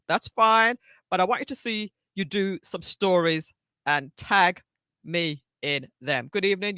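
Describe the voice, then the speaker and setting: A woman's voice: mid-range voice, a bit bright, no echo, studio quality. A woman teaching social media on a live stream, chatting with viewers, greeting them by name and repeating her phrases. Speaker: social media tutor hosting a live session. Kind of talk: live-stream tutorial chat.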